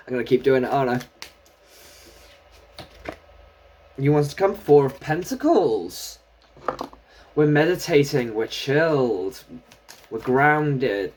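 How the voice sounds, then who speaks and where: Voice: medium pitch, a little hiss or hum. A tarot reader giving a casual solo reading, chatting and thinking aloud while drawing cards.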